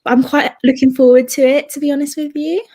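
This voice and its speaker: A woman's voice: high-pitched, little pitch movement, brisk, darkish tone. Easygoing woman talking football. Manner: easygoing, often says "to be honest with you". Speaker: panellist. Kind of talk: casual football chat.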